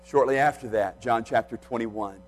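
A man's voice: medium pitch, normal speed, rough recording. A man preaching a sermon, retelling a scripture story and acting out the speakers' quoted lines.

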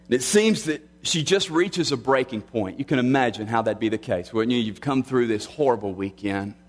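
Speaking in a mid-range voice, a middle-aged pastor delivers his sermon earnestly, slowing and softening to a hush for the key lines.

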